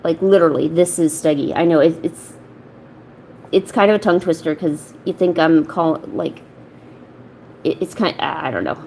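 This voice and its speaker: Woman, casual art streamer at home. Rambling, self-interrupting, drops into a soft coo for her pet. Faint background noise. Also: low-pitched, moderate pace, gravelly, long pauses, poor audio. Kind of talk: casual chat while painting. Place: home, indoors.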